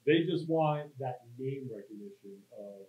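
A man's voice: mid-range voice, expressive, measured pace. A man co-hosting a podcast in casual chat, blunt and swearing. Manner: blunt, profane interjections. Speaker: podcast co-host. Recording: tinny phone-like sound in an echoey room.

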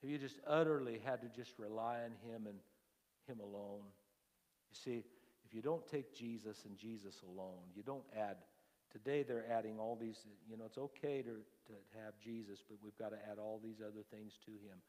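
A man preaching a sermon as lead pastor, telling a story slowly, his phrases trailing off softly before rising to fervent emphasis. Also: lowish voice. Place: church sanctuary. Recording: long church-hall reverb.

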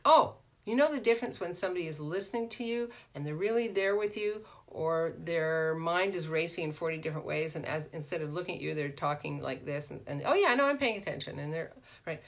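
A middle-aged woman with a somewhat low voice talks through a live coaching session. She is animated and chatty, tossing out "right?" and answering viewers as they come in. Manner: animated, peppered with "right?", greets viewers by name. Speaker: life coach hosting a live Q&A. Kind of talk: casual live-stream coaching talk.

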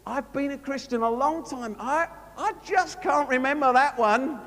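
A man preaching a sermon, telling a story with lively storytelling and acting out both sides of a conversation. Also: extremely high pitch, normal speed, few pauses. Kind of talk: sermon anecdote. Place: large conference hall. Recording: long hall reverb from a live conference.

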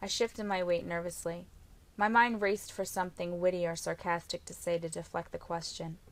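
Low-voiced woman reading a novel. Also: flat delivery, moderate pace. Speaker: audiobook narrator. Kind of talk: first-person novel narration.

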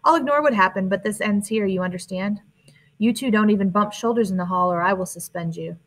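Brief: strict school official laying down the rules, read by a woman narrator, medium pitch. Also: a little fast, close to an everyday voice, poor audio. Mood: stern. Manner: blunt, no-nonsense. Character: stern female school administrator. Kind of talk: audiobook character reading.

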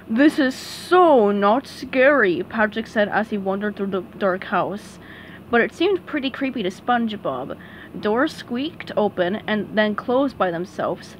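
A woman reading a children's storybook aloud with animated, expressive narration. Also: mid-range voice, unhurried, a little hiss or hum. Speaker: storybook reader.

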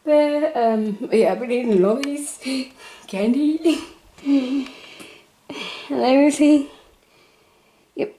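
A woman chatting casually to camera as a vlogger, giggling between phrases and rambling excitedly. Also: sits high, slow, long pauses, a little hiss or hum. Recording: roomy echo.

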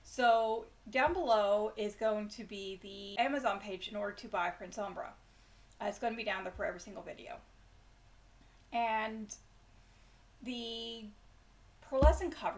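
A woman hosting a bedtime story channel, chatting casually and self-deprecatingly before reading a chapter aloud. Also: mid-range voice. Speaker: storyteller host.

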